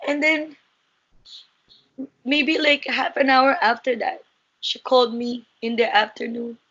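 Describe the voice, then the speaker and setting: High-voiced woman, emotional and halting. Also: fairly even intonation, a bit bright, breathy edge. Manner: earnest, emotional, halting retelling. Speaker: interviewee. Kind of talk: emotional personal account. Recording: muffled lo-fi recording.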